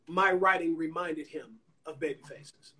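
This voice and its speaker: A man's voice: a little high, normal speed, bright, forceful tone. A man from Alabama, a songwriter and producer, telling stories in a casual interview over a phone livestream and acting out the voices of the people he quotes. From Anniston, Alabama, US. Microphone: Instagram Live phone call.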